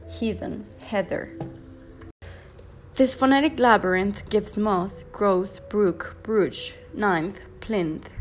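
A woman reciting a long pronunciation poem slowly, one word at a time, as a teacher would. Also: mid-range voice. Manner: slow, deliberate word-by-word recitation.

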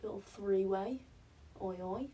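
Slow-talking breathless woman. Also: mid-range voice, dark tone, slightly rough, poor audio. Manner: chatty, self-mocking, drops to whispers. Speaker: vlogger. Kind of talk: casual self-talk while building a blanket fort.

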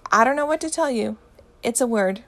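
A woman voicing a smug, teasing young man in a story reading, playful and calm. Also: on the high side, a little fast.

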